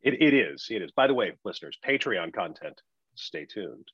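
A man's voice: low voice, normal speed, slightly rough, no room sound, lo-fi sound. A man producing and co-hosting a podcast, chatting casually with jokes and frequent restarts. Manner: animated, joking, frequent restarts. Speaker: podcast producer turned interviewer.

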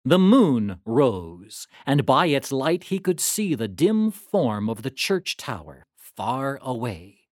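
A narrator reading a historical story aloud in a dramatic, animated read-aloud manner. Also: mid-range voice, no echo, studio quality.

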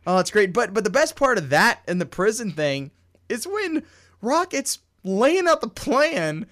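A man co-hosting a podcast in casual chat, animated and quick to act out movie lines. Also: high-pitched. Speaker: podcast co-host.

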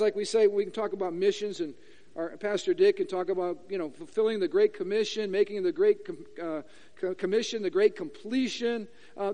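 A man's voice: high voice, long reverb tail. A man preaching a sermon to a church congregation, acting out questions in different voices. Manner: animated, acts out questions in voices. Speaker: pastor. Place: church sanctuary.

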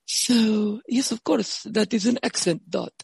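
Brief: woman as a centuries-old know-it-all; gravelly, husky, dry, lofty. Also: a little high, a little slow, a little mellow, no echo, heavily acted. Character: ancient know-it-all being who claims centuries of life.

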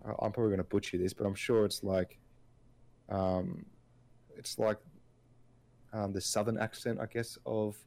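A man's voice: lowish voice, flat delivery, normal speed, gravelly, long pauses, a little mellow. A man co-hosting a casual podcast, rambling through his points with lots of filler words and restarts. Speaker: podcast co-host. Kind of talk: casual chat.

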